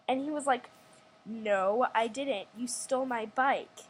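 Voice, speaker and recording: A woman's voice: high voice, animated, slow, long pauses, a little hiss or hum, poor audio. A young woman telling a rambling story at home, with many restarts and acted-out quotes. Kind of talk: casual storytime vlog.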